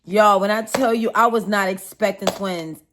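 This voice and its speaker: A young woman casually telling viewers a personal story, chatty and animated, calling them y'all. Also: medium pitch, normal speed, a little hiss or hum.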